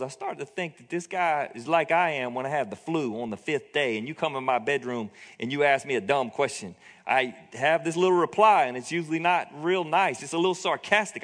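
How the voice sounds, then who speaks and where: A man's voice: on the high side, a bit bright. A man preaching a sermon in a conversational, joking storytelling manner. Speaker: pastor. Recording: long hall reverb.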